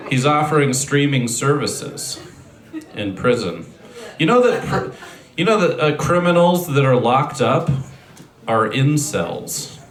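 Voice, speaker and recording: A man doing a stand-up set, delivering dry, self-deprecating one-liners with frequent throat clearing on a stage mic. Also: medium pitch, reverberant. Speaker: stand-up comedian. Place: comedy venue stage. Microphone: handheld stage mic on a speaker.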